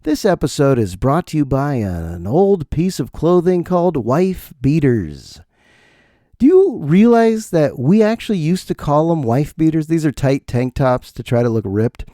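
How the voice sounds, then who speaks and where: Brief: warm-toned middle-aged podcast host, animated comic riffing, quick laughs. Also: male voice, on the high side, no room sound, clean studio sound. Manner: animated, laughs often, mimics lines. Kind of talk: comedic podcast monologue. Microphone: studio podcast mic.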